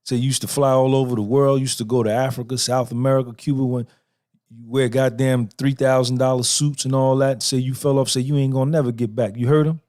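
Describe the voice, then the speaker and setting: A man's voice: medium pitch, fairly even intonation, a little fast, dark tone. A middle-aged man hosting a podcast, giving a profane, repetitive motivational monologue and talking back and forth with himself. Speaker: podcast host.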